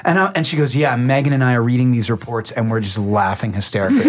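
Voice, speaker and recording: A man's voice: medium pitch, fast talker, hardly any pauses, heavy background noise. A man telling family stories in a casual, rambling, profane way, often breaking into laughter. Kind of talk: casual storytelling.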